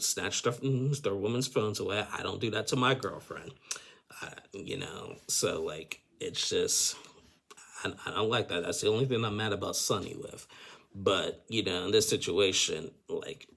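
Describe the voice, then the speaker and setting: Gravelly, low-voiced man rambling. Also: normal speed, a bit bright. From United States. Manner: rambling, heavy use of filler phrases. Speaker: reality TV recap vlogger. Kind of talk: casual commentary.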